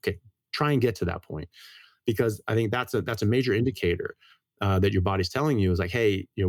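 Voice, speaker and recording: Brief: American male doctor as guest, brisk and earnest, quick delivery, dry close sound. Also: low voice, a little mellow, dry recording. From United States. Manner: brisk, earnest, tells anecdotes. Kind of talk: casual interview explanation.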